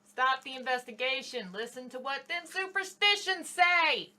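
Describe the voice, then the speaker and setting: A woman's voice: high voice, expressive, moderate pace, pushed and bright, exaggerated voice. A woman voicing a superstitious rural local who warns off outsiders in a folksy drawl. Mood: threatening. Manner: folksy drawl, dropped grammar.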